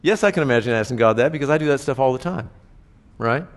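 A man's voice: mid-range voice, lively intonation, quick pace. A man preaching a sermon in a conversational way, often asking his listeners rhetorical questions. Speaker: pastor. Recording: reverberant hall.

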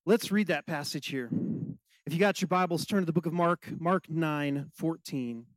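A middle-aged man, a pastor, preaching a sermon and telling a personal story in an animated, conversational way with many fillers. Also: on the high side, normal speed, no room sound, low-quality recording.

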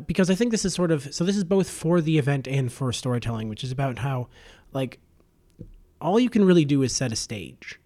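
A man's voice: medium pitch, a little mellow. A man co-hosting a storytelling podcast, talking in a loose, rambling way with many fillers and restarts. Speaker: podcast co-host. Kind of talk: casual podcast chat.

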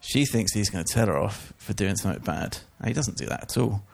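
Man, gravelly, fairly low, casual church teaching, informal asides. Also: expressive, fairly quick. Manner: chatty, informal, many fillers and asides. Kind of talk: casual Bible teaching talk.

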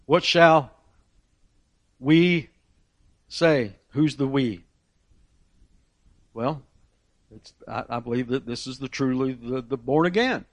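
A man's voice: mid-range voice, slow pace, long pauses, no room sound, studio quality. A man preaching a sermon, asking rhetorical questions and repeating key phrases for emphasis.

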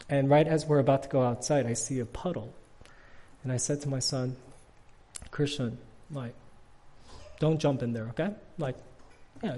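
Chatty middle-aged man preaching in a hall. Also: mid-range voice. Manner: casual, chatty, frequent fillers, acts out quotes loudly. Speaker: guest preacher. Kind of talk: conversational sermon.

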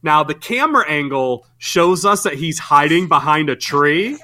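Bright, animated man ranting. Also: on the high side, normal speed. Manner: incredulous, profane ranting about plot holes. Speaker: podcast co-host. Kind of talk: casual movie review chat.

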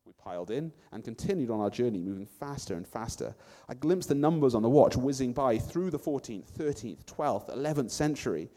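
A man narrating a first-person story in an expressive way. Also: mid-range voice, fairly quick, few pauses, long reverb tail.

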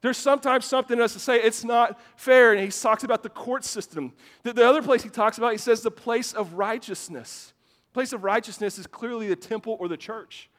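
A man's voice: very high voice, a little fast, fairly bright tone. A man preaching a sermon to a congregation in a church, weaving in personal stories and often repeating words at the start of phrases. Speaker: pastor. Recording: long hall reverb.

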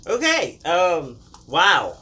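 Bright-voiced, animated podcast host man. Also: high-pitched, extremely slow, faint music behind. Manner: animated, rambling, joking. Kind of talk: casual podcast chat.

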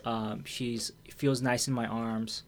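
A man's voice: medium pitch, level tone, slow pace. An American man telling a personal story in casual conversation. He talks candidly, swears freely and fills his speech with restarts and fillers.

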